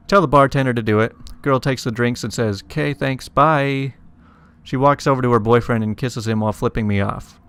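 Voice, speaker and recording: A man casually reading funny internet stories aloud, chuckling and adding wry asides between them. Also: mid-range voice. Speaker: story reader. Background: faint music.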